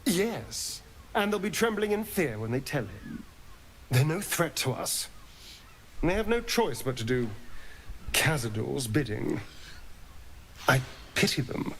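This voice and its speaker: Smug vampire spawn guy, drawls slow, voice swoops all over, sounds a bit high. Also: sing-song, slight background noise, exaggerated voice. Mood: scheming. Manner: smug, mocking, theatrical. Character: sly, arrogant male vampire spawn, young-looking. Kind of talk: video game voice acting.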